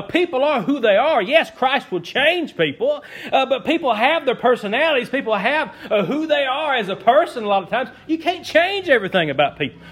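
Folksy man preaching, high voice. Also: fairly bright tone, breathy edge. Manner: folksy, laughing often, repeating key phrases. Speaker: pastor. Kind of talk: sermon.

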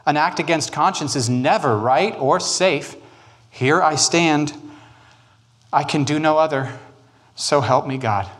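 A man playing a defiant monk, speaking slowly and solemnly. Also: on the high side, close to an everyday voice.

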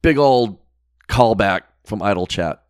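A man co-hosting a casual chat, enthusiastic and quick to laugh. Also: on the low side, expressive, no room sound, clean studio sound. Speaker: podcast co-host.

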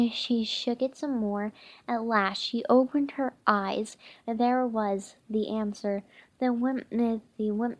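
A woman reading a children's chapter book aloud, halting, with many restarts. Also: a little high. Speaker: reader.

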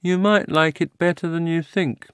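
A man voicing a kindly, easygoing talking horse in an audiobook, speaking slowly as if his mouth were full of grass. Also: on the high side, fairly even intonation, a bit bright, smooth, dry recording, voice pushed up, lightly acted. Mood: placid. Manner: slow, chewing, mouth-full speech. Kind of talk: audiobook character voice.

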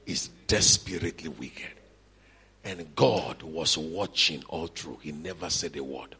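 A middle-aged preacher with a Nigerian accent gives an energetic church-conference sermon, punctuated by shouts and Yoruba asides. His bass voice is slightly rough and his pace is measured.

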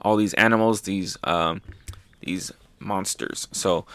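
A man hosting a manga review show, recapping chapters in a loose, excitable way, swearing freely and filling gaps with "um" and "like". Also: deep voice, slow, clear, resonant tone, dry recording.

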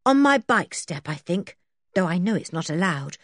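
A woman voicing an excitable young boy who exclaims eagerly in a storybook reading. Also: fairly low pitch, moderate pace, no echo, clean studio sound.

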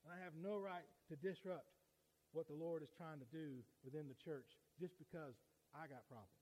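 A man, preaching a sermon in a folksy way that swings from quiet to loud. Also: a little high, normal speed, rough recording.

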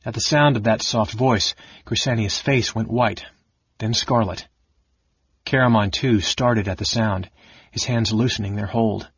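Man narrating, low husky voice. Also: fairly even intonation, unhurried, no room sound. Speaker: audiobook narrator. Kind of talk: scripted narration of a fantasy novel. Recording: dull lo-fi audiobook recording.

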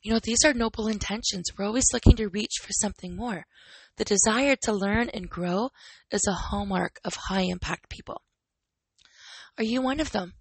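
A woman's voice: medium pitch, normal speed, slightly rough, no echo, rough recording. A woman in her thirties hosting a solo podcast, talking candidly and asking her listeners questions, still recovering from an illness. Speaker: podcast host and personal trainer.

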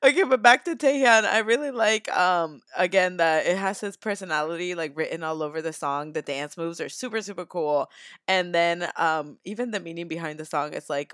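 A young woman co-hosting a podcast, chatting casually with an animated, enthusiastic delivery. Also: lowish voice, fairly quick, dry recording, clean studio sound. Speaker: podcast co-host. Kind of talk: casual chat.

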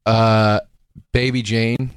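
A man hosting a podcast, telling stories in casual chat with lots of swearing and animated quoting. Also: fairly low pitch, very slow, clear, resonant tone, no room sound, clean studio sound. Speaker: podcast host.

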